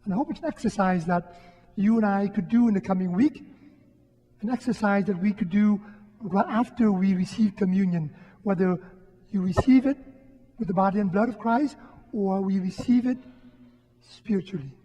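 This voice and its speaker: High-voiced priest in a reverberant church. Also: male voice, muffled recording. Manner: gentle, reflective, with frequent pauses. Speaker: Catholic priest giving a homily. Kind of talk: sermon. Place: church during Mass.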